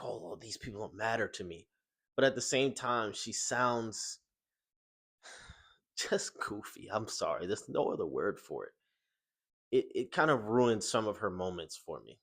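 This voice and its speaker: A young man giving a casual film review, exasperated and rhetorical, his voice climbing when incredulous. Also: fairly low pitch.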